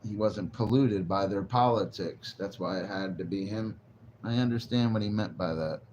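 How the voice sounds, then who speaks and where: A man chats loosely with his livestream viewers while smoking, drifting from thought to thought and swearing freely. His voice sits fairly low. The audio is dull and lo-fi, with a faint hiss behind it. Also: moderate pace, a little mellow. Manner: rambling, profane, laid-back. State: stoned, zoned out. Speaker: livestreamer reading chat. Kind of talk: casual livestream chat.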